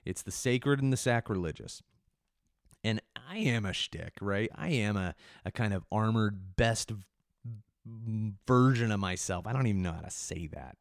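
A man's voice: on the low side, unhurried, vocal fry, no room sound, clean studio sound. A man hosting a solo podcast, rambling and self-mocking, with restless restarts and sudden bursts of energy. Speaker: podcast host.

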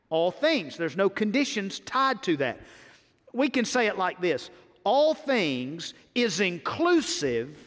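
High-voiced pastor in a reverberant hall. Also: male voice. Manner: folksy storytelling, dramatic swings between loud and soft. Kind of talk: sermon. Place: church sanctuary.

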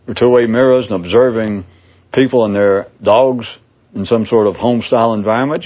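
A man giving a rambling, discursive spoken monologue to his listeners on a dull, lo-fi recording. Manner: discursive, acts out imagined people in a high voice. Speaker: speaker addressing listeners.

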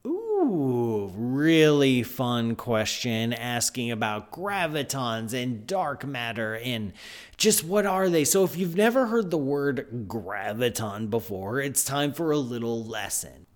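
A man hosting a live science show, talking in an excitable, animated, chatty way. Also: mid-range voice, takes it slowly. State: out of breath. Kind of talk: live-stream science talk.

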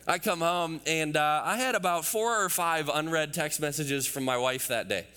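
Pastor preaching in a reverberant hall. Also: male voice, a little high, moderate pace, bright, forceful tone, clear, resonant tone. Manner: emphatic, builds through repeated phrases; storytelling asides to the congregation. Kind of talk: sermon.

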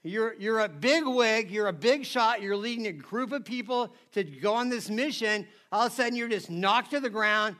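A man's voice: high-pitched, moderate pace, hardly any pauses, sharp tone. A man preaching a casual, conversational sermon, chatty and always asking his listeners "right?". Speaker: pastor.

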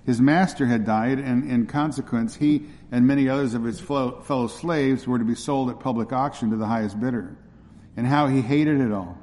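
Earnest preacher in a reverberant sanctuary. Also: male voice, mid-range voice, moderate pace, darkish tone. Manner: earnest, repeats himself with fillers. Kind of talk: sermon.

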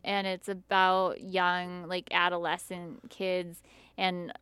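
A woman's voice: lowish voice, flat delivery, slow, a bit bright, smooth, no echo. A woman co-hosting a radio show, chatting casually with sarcastic, laughing asides. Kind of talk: casual banter.

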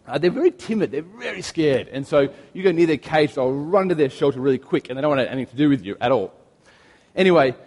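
A man in his thirties preaching a sermon as pastor, telling stories in a chatty way with gentle humor. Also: medium pitch, in a large hall. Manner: conversational storytelling with gentle humor.

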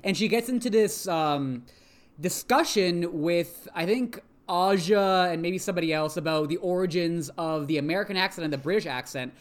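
A podcast co-host recapping a TV episode in casual chat, animated and rambling, swearing freely. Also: mid-range voice, normal speed.

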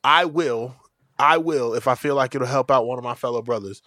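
A young adult man co-hosting a podcast, telling a story in a loud, animated, profane way and acting out the people in it. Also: mid-range voice, normal speed, no echo, studio quality. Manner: animated, profane, acts out dialogue. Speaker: podcast co-host. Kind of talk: casual storytelling chat.

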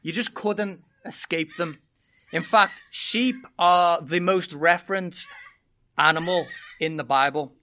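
A preacher with a British accent, opening a sermon with a humorous, animated personal story before teaching the congregation. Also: medium pitch, slow pace. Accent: British English. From Britain.

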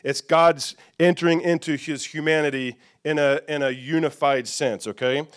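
A middle-aged man preaching a sermon, his voice smooth and resonant and pitched a little above most men's. He talks to his congregation in a conversational way, stopping often to ask "okay?" or "amen?" to make sure they follow. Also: fairly even intonation, moderate pace. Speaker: pastor.

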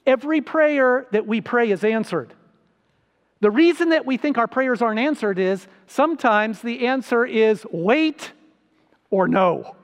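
A man preaching a sermon as pastor, slow and deliberate, with sudden rises for emphasis. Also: extremely high pitch, lively intonation, clean tone, long reverb tail.

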